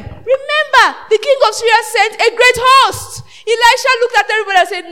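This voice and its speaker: A woman preaching a sermon, swinging from shouted peaks to hushed asides and asking the congregation rhetorical questions. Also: extremely high pitch, a little fast, few pauses.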